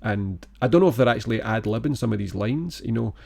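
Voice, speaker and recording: A man co-hosting a podcast, chatting about a film in a relaxed, rambling, enthusiastic way. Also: on the low side, fast, creaky, slightly rough. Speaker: podcast co-host. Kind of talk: casual film-review chat.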